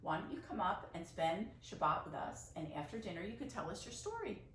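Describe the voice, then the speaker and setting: A woman's voice: medium pitch, big pitch swings, brisk, fairly bright tone. A woman voicing a bossy, no-nonsense old grandmother who scolds and then shows kindness. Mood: kind. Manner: indignant, scolding, then kind. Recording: roomy, distant mic, faint noise.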